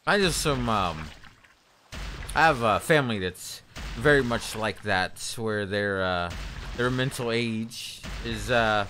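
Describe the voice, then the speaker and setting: A man's voice: lowish voice, slow pace, pushed and bright, a little hiss or hum. A man streaming a video game, chatting casually with viewers in a hesitant, rambling way. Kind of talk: casual live-stream chat.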